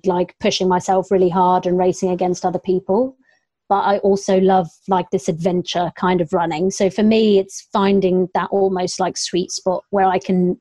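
A woman's voice: fairly low pitch, mellow, no room sound. A young adult woman, a long-distance runner, chatting casually in an interview, laughing often and quoting herself. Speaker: ultrarunner guest.

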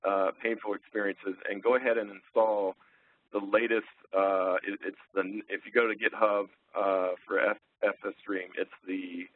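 A man presenting a technical webinar, relaxed and full of ums and uhs as he thinks aloud. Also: fairly low pitch, dry recording. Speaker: webinar presenter, sales engineer. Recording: tinny phone-line audio.

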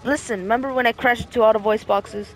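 A man's voice: extremely high pitch, fairly even intonation, fast, faint music behind. A man hosting a goofy game roleplay, joking, laughing and apologizing to his robot sidekick. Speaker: gaming roleplay host. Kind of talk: casual game roleplay narration.

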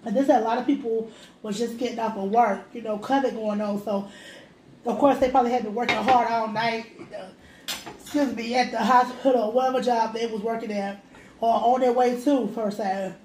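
A woman hosts a casual mukbang from her table. Her voice sits a touch high, and she talks in an earnest, heartfelt, meandering way. The echoey room carries a faint hiss under her. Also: steady tone, fairly quick, a little mellow. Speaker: host. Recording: echoey room with light noise.

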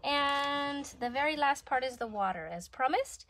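A gentle woman guides children through a drawing lesson, talking through each step as she works. Her voice sits a little high, and her tone is chatty and unhurried. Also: expressive, slight background noise. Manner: gentle, chatty, thinking aloud while drawing. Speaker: kids yoga and art teacher.

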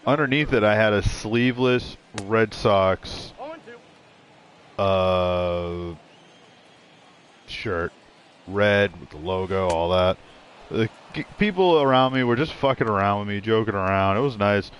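A man's voice: fairly low pitch, lively intonation, measured pace, pauses often, fairly bright tone, a little hiss or hum. A man giving casual, rambling commentary while playing a video game, blunt and full of swearing. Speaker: gaming streamer. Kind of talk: casual let's-play commentary.

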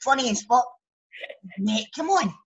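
A man's voice: very high-pitched, animated, a little slow, lo-fi sound. A man with a Scottish accent, a co-host who is blunt and swears freely in casual banter.

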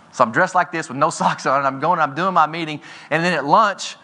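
A man in his forties giving a motivational keynote speech from a conference stage, telling stories with energy and often rising in pitch and volume. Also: fairly quick, bright, forceful tone. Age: 40s. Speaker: keynote speaker. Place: conference stage before an audience.

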